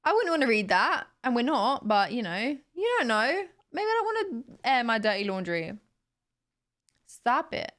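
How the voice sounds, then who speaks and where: A woman's voice: on the high side, big pitch swings, moderate pace, a bit bright. A young woman streamer in casual live-stream chat, laughing often and reading out chat messages.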